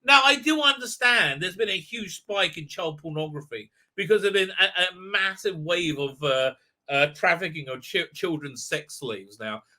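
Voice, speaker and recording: A man rambles through a sarcastic episode review, his voice pitched high and sharply bright. He halts constantly on filler words before pushing on with his next scornful point. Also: normal speed.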